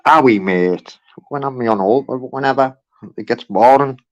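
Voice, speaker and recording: A man's voice: mid-range voice, normal speed, lo-fi sound. A man chatting casually on a livestream, rambling, swearing freely and talking back to his chat. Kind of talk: casual live-stream chat.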